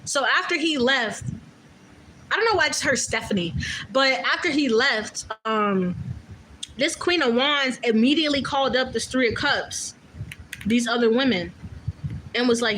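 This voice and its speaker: A woman's voice: sits high, normal speed, long pauses, fairly bright tone, slight background noise, low-quality recording. A woman doing a casual tarot reading, talking bluntly and loosely, with profanity and many fillers. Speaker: tarot reader.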